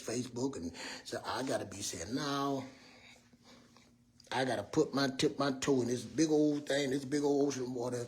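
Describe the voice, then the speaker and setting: A man in his fifties giving a rambling, preachy motivational talk as a mentor, loud and earnest. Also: mid-range voice, normal speed. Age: 50s. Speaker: mentor speaking to young people. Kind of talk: motivational monologue.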